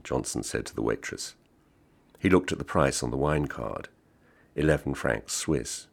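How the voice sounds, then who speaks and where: A man reading a literary short story aloud in a dry, measured, understated manner. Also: a bass voice, vocal fry. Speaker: reader.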